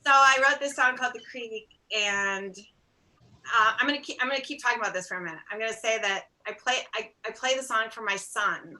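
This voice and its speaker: Bright-voiced woman telling animated stories. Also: fairly high pitch, brisk, low-quality recording. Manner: animated, acts out quoted dialogue; self-deprecating, laughs through stories. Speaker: singer-songwriter guest. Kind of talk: storytelling in a casual interview.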